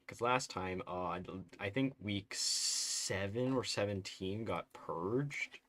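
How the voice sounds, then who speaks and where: Working through something on a casual live stream, a man thinks out loud, mumbling and catching his own mistakes. His soothing, soft-spoken voice is on the low side, and he talks slowly.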